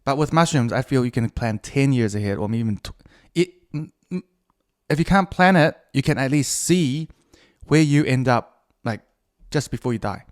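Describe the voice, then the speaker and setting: A man's voice: medium pitch, animated, moderate pace. A man hosting a solo podcast, talking in a crude, meandering, self-mocking way with many fillers and restarts. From New Zealand. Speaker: podcast host. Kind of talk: rambling solo podcast monologue.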